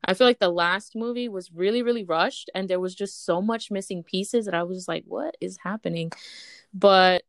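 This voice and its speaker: Woman co-host, fan-chat energy, breathless and squealy, crisp dry voice. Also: medium pitch, moderate pace, dry recording. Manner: gushing, breathless, jumps into squeals. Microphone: speakerphone call.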